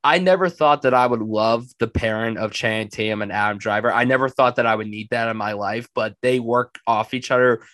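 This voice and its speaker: A man chatting casually about a film he loves on a podcast, enthusiastic and animated. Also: medium pitch, a little fast, few pauses, dry recording. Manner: enthusiastic, animated, acts out quotes. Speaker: film reviewer.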